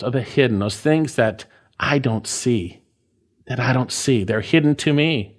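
A man's voice: on the high side, very animated, moderate pace. A man preaching an expository sermon, explaining word meanings and repeating key phrases with emphatic stress. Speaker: pastor.

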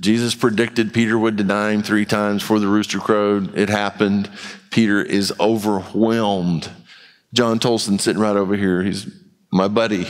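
Man preaching in a reverberant hall. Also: lowish voice. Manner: conversational preaching with acted-out quotes and rising intensity. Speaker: pastor. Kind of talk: sermon. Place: church.

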